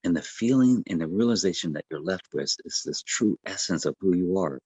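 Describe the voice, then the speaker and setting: A man with a very low voice talks a listener through breathwork in a gentle, easygoing way. He pauses often and restarts his sentences. The recording is close and dry. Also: lively intonation, breathy edge, no echo, dull audio. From United States. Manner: gentle, unhurried, with many fillers and restarts. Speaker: breathwork coach. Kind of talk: casual explanatory talk.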